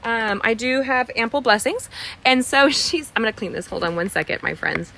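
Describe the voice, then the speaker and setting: A bubbly woman teaches card-making in a live online tutorial at her cluttered crafting desk, chatting freely, telling stories, and calling out viewers by name. Her slightly high voice is creaky yet bright and forceful, moving at a moderate pace over slight background noise.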